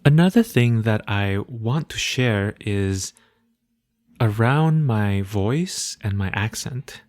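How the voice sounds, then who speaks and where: A man with a hard-to-place accent, speaking English as a second language, hosting a solo podcast in a thoughtful, reflective way with soft laughs and phrases that trail off quietly. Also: on the low side, animated, slow. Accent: hard-to-place non-native English. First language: not English. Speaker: podcast host.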